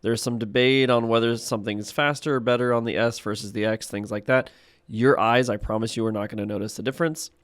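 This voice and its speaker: A man's voice: medium pitch, steady tone, dry recording. Dry, close-miked man giving advice. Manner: explanatory, advice-giving, quick asides. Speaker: podcast co-host. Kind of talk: casual chat.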